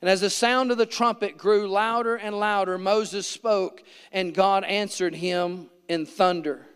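A man's voice: high-pitched, steady tone, a little slow, clean tone, long reverb tail. A man preaching a sermon in a church, telling his story earnestly and vividly. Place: church sanctuary.

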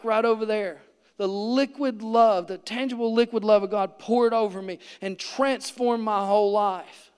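A man's voice: high-pitched, clean tone, big-room sound. A man preaching a sermon in a church, telling his story earnestly and vividly. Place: church sanctuary.

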